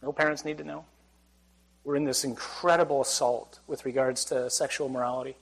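A man's voice: medium pitch, fairly even intonation, fairly quick, creaky, slightly rough, poor audio. A man giving a Catholic sermon to a live audience, conversational and joking, often putting questions to the crowd. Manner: conversational, asks the crowd questions, humorous asides. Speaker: Catholic priest. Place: church or hall with audience.

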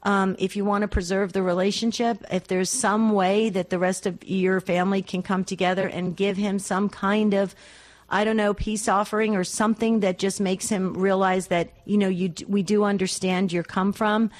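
Female co-host, gentle and earnest, advising callers on air. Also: medium pitch, little pitch movement, normal speed. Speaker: radio co-host, advice giver. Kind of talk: call-in advice talk.

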